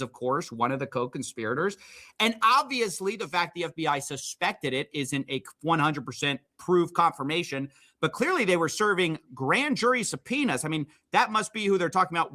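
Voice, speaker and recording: A man's voice: high-pitched, sharp tone. A man giving explainer commentary, reading documents aloud with emphatic, sarcastic remarks. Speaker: commentator in a played video.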